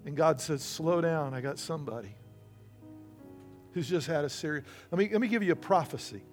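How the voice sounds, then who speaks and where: Brief: male pastor, fairly high voice, storytelling sermon, light music underneath. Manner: storytelling preacher acting out quoted voices.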